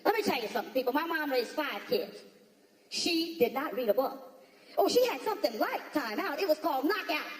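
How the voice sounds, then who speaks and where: Woman doing stand-up, high voice, echoey hall, crowd laughing. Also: animated. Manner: punchy, storytelling delivery with quick asides to the audience. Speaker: stand-up comedian. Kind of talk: stand-up comedy routine. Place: large comedy theater stage. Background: audience laughter.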